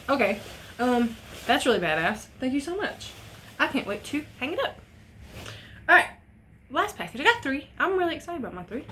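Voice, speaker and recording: Excitable, gushing young woman vlogger. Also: a little high, moderate pace, long pauses, a little hiss or hum. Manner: excitable, gushing, swears casually. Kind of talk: casual unboxing vlog.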